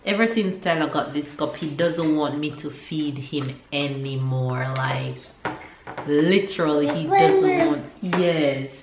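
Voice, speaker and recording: A woman's voice: low voice, sing-song, takes it slowly, darkish tone. A young woman from Jamaica chatting casually to her vlog viewers and cooing at her baby. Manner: chatty, laughs often, coos at her baby. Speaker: vlogger. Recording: roomy echo, faint background noise.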